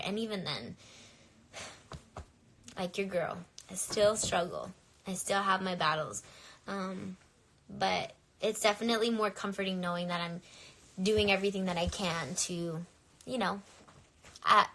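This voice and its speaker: A young woman, a singer, chats candidly with viewers on a phone livestream, her medium-pitched voice slightly bright. Her talk is casual and full of fillers, with a little hiss or hum in the recording.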